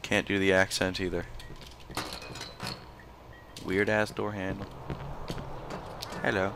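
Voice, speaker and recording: A man's voice: low voice, flat delivery, slow, long pauses, background noise. A man giving casual, sarcastic commentary while playing a video game, talking back to the game. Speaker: let's play gamer.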